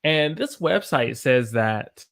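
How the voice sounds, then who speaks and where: An American man in his thirties teaching English on a live stream, speaking slowly and repeating phrases for learners to copy. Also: medium pitch, animated, vocal fry, a bit bright.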